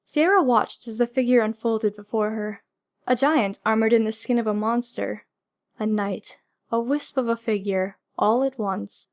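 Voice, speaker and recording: A woman narrating a fantasy audiobook in a measured, descriptive way. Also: a little high, darkish tone.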